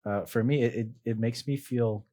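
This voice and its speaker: A young man in mid-range pitch hosts a relaxed faith podcast conversation. He speaks earnestly and reflectively, pausing and restarting his sentences as he works through his thoughts. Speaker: podcast host. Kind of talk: casual faith podcast chat.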